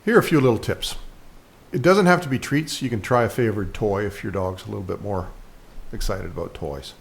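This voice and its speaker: A man's voice: lowish voice, a little fast, gravelly, slight background noise. A man hosting a dog training video, explaining a trick in a rambling voice-over with frequent fillers and restarts.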